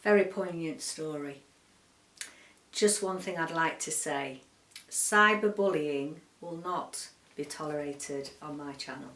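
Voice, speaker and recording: A woman book vlogger from the UK reading a short story aloud in a quiet, measured, subdued way. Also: low voice, distant mic. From United Kingdom. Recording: roomy echo, voice set back from the mic.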